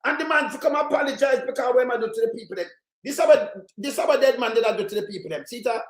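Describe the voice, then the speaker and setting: A Jamaican man in heated live commentary, ranting and shouting in patois, circling back to the same complaints. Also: very high voice, fast, echoey room. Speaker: livestream commentator.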